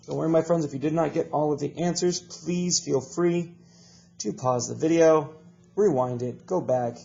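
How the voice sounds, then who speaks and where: A male teacher with a stuffy nose gives a recorded video lesson to young students, patiently encouraging them and repeating each instruction. His voice is fairly high, creaky, and dark in tone, on a dull lo-fi recording.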